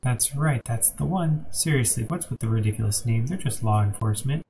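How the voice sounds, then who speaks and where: A man's voice: mid-range voice, fairly quick, vocal fry, noisy background. A male streamer reading the lines of every character in a game cutscene aloud, stumbling and restarting now and then. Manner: reads every character himself with small slips and restarts. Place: home streaming setup.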